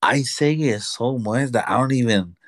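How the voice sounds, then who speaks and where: A man's voice: mid-range voice, moderate pace, no echo. A man co-hosting a casual chat show, telling stories and acting out conversations with frequent laughs. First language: Spanish. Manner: animated storyteller, acts out dialogue, laughs often. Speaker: podcast co-host.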